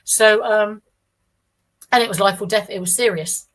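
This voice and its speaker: A middle-aged woman with a medium-pitched, slightly bright voice speaks at a normal speed in a low-quality recording. She tells her own experience loosely and casually, restarting sentences and voicing what others told her.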